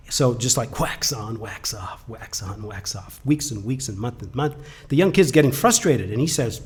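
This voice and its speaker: On a webcast, a man with a medium-pitched, slightly rough voice shares a motivational story at normal speed. His delivery is animated, alternating between loud outbursts and quiet, hushed lines.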